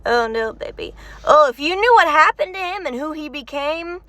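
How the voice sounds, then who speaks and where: A woman talking excitedly to her viewers in rambling reaction commentary, recorded inside a car. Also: sits high, normal speed, no room sound. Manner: excitable, chatty, talks straight to viewers with frequent restarts. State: tired and warm. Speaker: video creator reacting to a game story.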